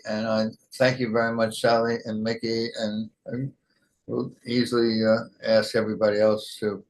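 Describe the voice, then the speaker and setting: A man leading a spiritual study group in a gentle, measured way, thanking each speaker in turn. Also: mid-range voice, poor audio.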